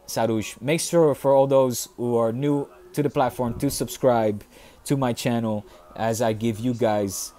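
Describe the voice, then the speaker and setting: A man's voice: medium pitch, warm tone, a little hiss or hum. A man hosting a fan live stream, chatting casually and reading out viewer questions in a rambling, profane way. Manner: rambling, profane, banter with chat.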